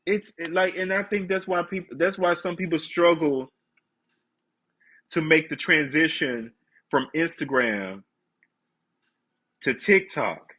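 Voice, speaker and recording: A man's voice: on the high side, takes it slowly, long pauses, bright, forceful tone, low-quality recording. A man with a congested voice, chatting candidly and ranting to viewers on a casual live stream.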